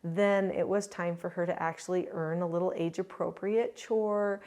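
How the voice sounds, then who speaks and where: A woman's voice: lowish voice, normal speed. Middle-aged woman, parenting coach, earnest chatty teaching to camera. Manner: earnest, chatty, with lively quoted asides. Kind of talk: casual instructional talk to camera.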